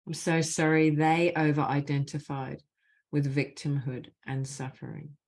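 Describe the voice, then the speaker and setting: A woman leading a spiritual group call over video, slowly and deliberately speaking repeated healing phrases. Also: sits low, little pitch movement, darkish tone. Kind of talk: guided clearing session with spoken healing phrases.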